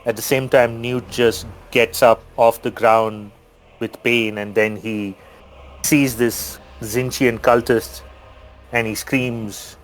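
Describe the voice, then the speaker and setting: A man's voice: medium pitch, little pitch movement, takes it slowly, low-quality recording. A man playing a tabletop game, chatting casually and narrating his character's action. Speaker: player.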